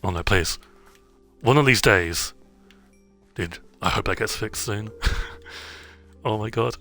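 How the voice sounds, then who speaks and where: A man's voice: lowish voice, takes it slowly, bright, forceful tone, soft background music. A man streaming a game, chatting casually in a rambling way, with many fillers and self-interruptions. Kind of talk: casual gameplay chat.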